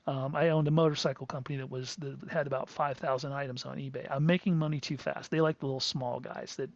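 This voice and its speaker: A middle-aged man hosts a crypto livestream, ranting emphatically and rambling with frequent restarts and asides. His voice is a little high, with no echo, but the stream audio is dull and lo-fi.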